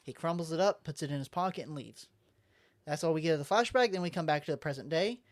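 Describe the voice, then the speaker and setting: A man's voice: fairly high pitch, fast. A man co-hosting a casual podcast, recapping a comic book plot step by step in a conversational way. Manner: steady plot recap, acts out quotes. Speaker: podcast co-host. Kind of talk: casual chat.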